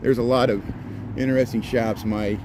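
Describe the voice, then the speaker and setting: A man's voice: medium pitch, steady tone, moderate pace. A middle-aged man from Indiana giving rambling, chatty commentary as he walks a city street livestreaming, greeting people he passes. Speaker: walking livestream vlogger. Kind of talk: casual running commentary while walking. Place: city street outdoors at dusk. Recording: outdoor street noise and traffic.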